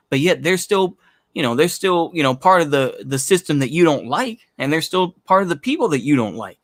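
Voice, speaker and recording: A man's voice: fairly high pitch, no echo, clean studio sound. A man delivering a blunt, profane opinion monologue in a casual, rambling way, with lots of filler phrases. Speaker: commentary channel host.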